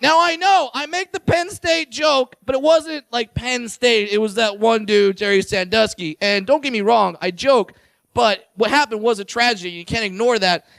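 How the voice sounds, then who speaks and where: A man in his twenties doing a brash, crude stand-up set, shouting his punchlines. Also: extremely high pitch, normal speed, creaky, no echo. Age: 20s. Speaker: stand-up comedian.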